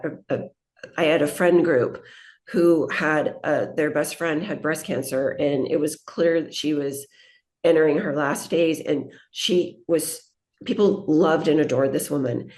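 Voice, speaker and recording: A woman's voice: low voice, a little mellow. A woman, an aesthetic nurse, speaking as a podcast guest and telling reflective, heartfelt stories about her patients. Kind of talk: podcast interview.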